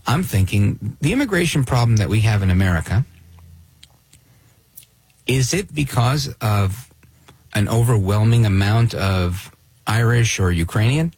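A man's voice: on the low side, lively intonation, a little slow, long pauses, darkish tone, husky, no room sound. A man hosting a talk radio show, delivering an opinionated, sardonic monologue and reacting to clips he plays.

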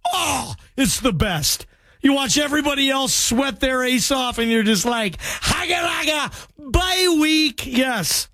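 High-voiced, hyped sports radio host. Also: male voice, no room sound. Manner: energetic, loose, jokey, calls callers bro. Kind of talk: call-in radio talk.

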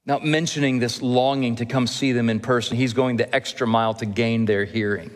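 A man preaching a sermon as a church pastor, earnest and gently humorous, with emphatic pauses. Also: mid-range voice, steady tone. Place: church sanctuary. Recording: long reverb of a church hall.

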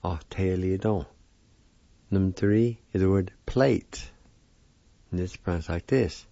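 A man's voice: low voice, vocal fry, warm tone, no room sound, highs cut off. A man giving a weekly radio language lesson, spelling out each word carefully and repeating it. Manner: slow, careful spelling and repetition of words.

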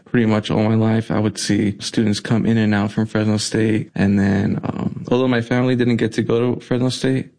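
A young man in his twenties, a college student, speaking softly and hesitantly in an interview. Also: fairly low pitch, flat delivery, normal speed, hardly any pauses. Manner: soft-spoken, hesitant with fillers.

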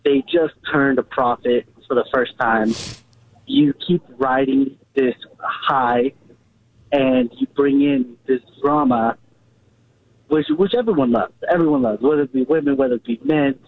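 A man's voice: mid-range voice, very animated, a little slow, dry recording. A man calling into a radio show, earnest and repetitive, often restarting his sentences. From California. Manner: earnest, repeats himself, restarts. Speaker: caller. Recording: tinny phone line.

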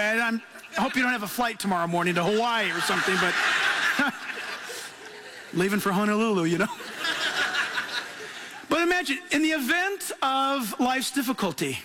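A man preaching a sermon as pastor, telling stories with laughing, animated asides. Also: high-pitched, background noise.

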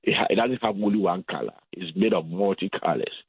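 A man from Ghana, a guest in an interview, explaining his points in a measured way and often repeating words. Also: sits low, animated, breathy edge, dry recording. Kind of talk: interview over the phone. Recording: tinny phone line.

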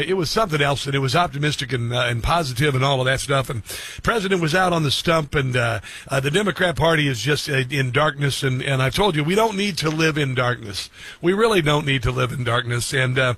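A man's voice: fairly high pitch, sharp tone, husky, no room sound. A middle-aged man hosting a talk radio show, rambling with many fillers and mocking asides. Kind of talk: casual opinionated talk radio.

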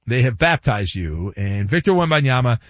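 Animated, wry sports radio host. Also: male voice, medium pitch, moderate pace, no room sound. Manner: animated, wry and playful, with asides and repetition. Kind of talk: sports talk radio monologue. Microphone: studio microphone. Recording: dry, slightly dull radio studio sound.

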